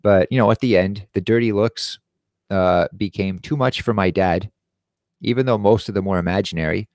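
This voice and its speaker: A man's voice: on the low side, moderate pace, a little mellow, dry recording, clean studio sound. A young man hosting a show, telling a personal story in a heated, profane casual rant. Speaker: show host. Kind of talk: casual live-stream rant.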